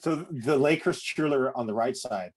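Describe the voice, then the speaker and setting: A man's voice: medium pitch, moderate pace, slightly rough. A man co-hosting a podcast in casual chat, asking lots of questions and laughing often. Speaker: podcast co-host.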